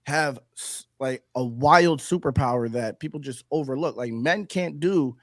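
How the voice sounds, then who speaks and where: Animated man agreeing with "yep". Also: mid-range voice, unhurried, no echo, studio quality. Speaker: podcast guest. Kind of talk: casual chat.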